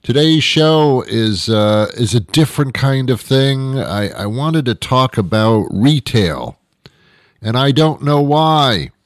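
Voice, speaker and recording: A man's voice: medium pitch, lively intonation, slow, no echo. A middle-aged man hosting a comedy show, delivering a rambling, sarcastic, self-mocking monologue into a close microphone. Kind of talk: satirical comic monologue. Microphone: close studio microphone.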